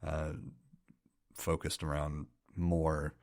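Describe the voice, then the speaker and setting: Male co-host, very deep and monotone, measured casual chat. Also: no room sound, studio quality. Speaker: podcast co-host.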